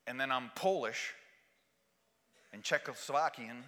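A man preaching a sermon, swinging from hushed lines to shouted refrains and bantering with his congregation. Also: medium pitch, unhurried. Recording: long hall reverb.

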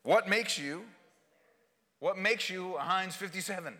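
A man preaching a sermon, swinging from hushed lines to shouted refrains and bantering with his congregation. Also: high-pitched, measured pace. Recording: long hall reverb.

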